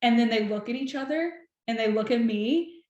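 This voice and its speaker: A young woman telling a personal story as a podcast guest, animated and chatty, full of "like". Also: fairly high pitch, moderate pace, highs cut off. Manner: animated, chatty, heavy use of "like". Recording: roomy echo.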